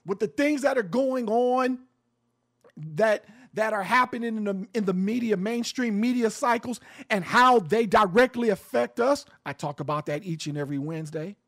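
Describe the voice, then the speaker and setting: A man's voice: sits high, normal speed, fairly bright tone. A man hosting a radio show, talking in a blunt, impassioned and profane way about his views. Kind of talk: heated opinion talk. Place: home in the Arizona desert.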